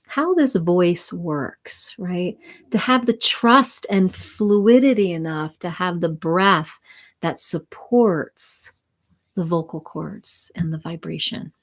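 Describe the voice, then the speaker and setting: A woman spiritual mentor and sound healer, talking gently and soothingly to viewers of a live stream. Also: on the low side.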